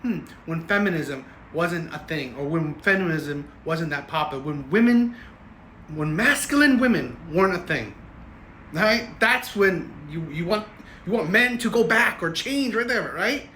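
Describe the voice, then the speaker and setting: A commentary host rants through a reaction video, tagging his points with "right?" again and again. His fairly high voice is pushed and bright, with lively intonation at normal speed, in an echoey room with slight background noise.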